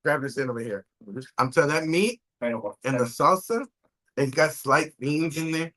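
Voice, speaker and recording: A man's voice: a little high, moderate pace, a bit bright. A man hosting a live show, chatting casually and eagerly tasting tacos with lots of appreciative murmurs. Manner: enthusiastic, savoring food with lots of mm sounds. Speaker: show host.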